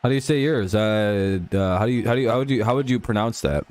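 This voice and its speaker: Low-voiced joking livestream host. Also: male voice, fast, a little mellow. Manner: joking, profane banter with chat, laughs often. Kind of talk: casual live-stream chat over a football game.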